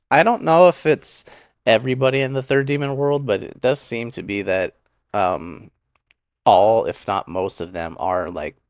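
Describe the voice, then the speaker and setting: Deep-voiced man recapping an anime episode. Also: dry recording, clean studio sound. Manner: enthusiastic, retells scenes with quick quoted voices.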